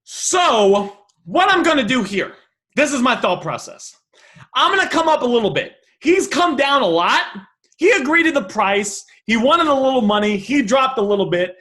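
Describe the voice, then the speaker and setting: A man teaching negotiation by walking through message examples, animated and thinking aloud with quick restarts. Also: very high voice. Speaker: negotiation coach.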